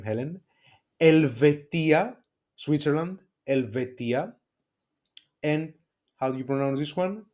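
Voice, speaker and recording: A man's voice: mid-range voice, darkish tone. Greek-accented man teaching pronunciation. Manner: slow and explanatory, frequent "okay?" checks and "uh" fillers. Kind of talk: online language lesson.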